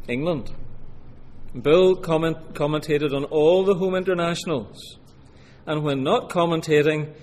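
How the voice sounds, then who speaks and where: Male preacher from Scotland, earnest and slow, slightly high voice, reverberant hall. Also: darkish tone, slight background noise. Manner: measured, earnest preaching with slow deliberate scripture reading. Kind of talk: sermon. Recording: long hall reverb, faint room ambience.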